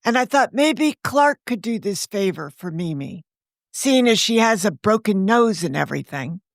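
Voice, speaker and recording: A woman's voice: mid-range voice, sing-song, moderate pace, no room sound, clean studio sound, voice pushed up. A woman voicing a polite, earnest teenage girl babysitter who sounds eager and slightly pleading.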